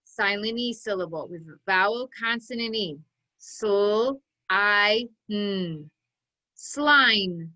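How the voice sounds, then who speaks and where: A woman teaching an online phonics lesson, calling out sounds and blending words slowly and deliberately for children to repeat. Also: medium pitch, sharp tone, low-quality recording. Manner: slow, deliberate drill calls, sounding out each part.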